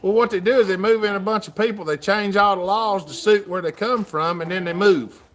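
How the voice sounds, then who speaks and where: Reading the chat aloud on his laid-back livestream, this host has a Southern US accent and a folksy, drawling manner. He talks a little fast, with a high, fairly bright voice.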